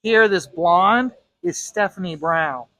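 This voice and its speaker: A comic artist spins a story while he draws, stumbling over restarts and repeating himself as he goes. His voice sits high for a man. It is recorded dry and close, with no room echo. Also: takes it slowly, bright, forceful tone. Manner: rambling, with frequent restarts and repeated words. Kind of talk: casual storytelling while drawing.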